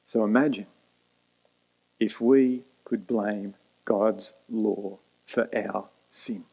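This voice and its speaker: A man preaching a sermon as pastor, emphatic and pausing for effect. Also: medium pitch, a little mellow, muffled recording. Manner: emphatic preaching with dramatic pauses and quick asides.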